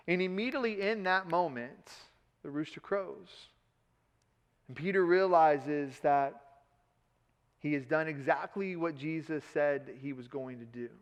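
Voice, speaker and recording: A man preaching a sermon as pastor, animated, repeating words as he gets going and acting out lines in a casual modern voice. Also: fairly high pitch, smooth, long reverb tail. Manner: repeats words when excited. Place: church sanctuary.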